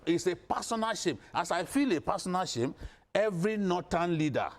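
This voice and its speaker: A man's voice: high voice, expressive, moderate pace. A man from northern Nigeria speaking as a guest on a news panel, emphatic and insistent, hammering his points with repetition. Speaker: studio guest commentator. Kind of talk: impassioned panel discussion.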